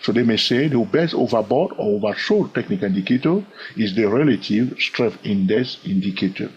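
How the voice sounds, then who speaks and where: A man teaching trading in an animated way. He often fills pauses with "okay" and "all right" and repeats phrases as he thinks aloud. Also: fairly low pitch, slightly rough, lo-fi sound. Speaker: trading educator. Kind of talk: instructional talk to camera.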